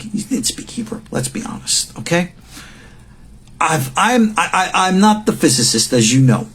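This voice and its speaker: A man in his sixties teaching a recorded lecture as a rabbi, emphatic and repeating words for stress, with a husky voice. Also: fairly high pitch. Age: 60s.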